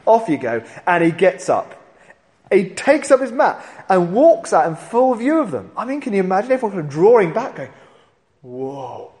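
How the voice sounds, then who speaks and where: A man preaching a sermon, telling the story in an animated way and acting out the voices of the people in it. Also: high voice, a little fast. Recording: long hall reverb.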